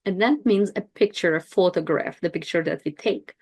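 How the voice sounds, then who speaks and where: A woman teaching pronunciation, saying each word twice slowly and clearly before explaining it in plain words. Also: fairly low pitch, a little mellow. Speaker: language teacher. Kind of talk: slow pronunciation lesson.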